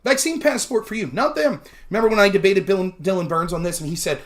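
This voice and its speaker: A man's voice: sits high, fast talker, few pauses. A man hosting a livestream of political commentary, talking casually and sarcastically while answering viewer comments. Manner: sarcastic, mocking, reads chat aloud.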